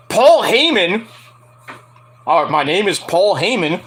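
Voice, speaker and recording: Male podcast host, rambling and jokey, high voice that jumps all over. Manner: rambling and jokey, with loud outbursts. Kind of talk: casual live-watch podcast chat.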